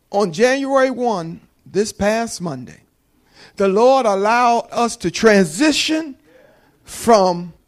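A middle-aged man with a New Jersey accent preaching a sermon in church, talking fast and calling on the congregation to respond. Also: sits high, rough recording. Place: church sanctuary.

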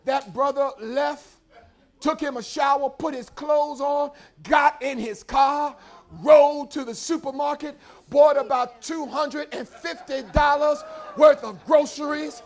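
A man preaching a story-driven sermon in a church, calling for responses and building to shouted praise. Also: extremely high pitch.

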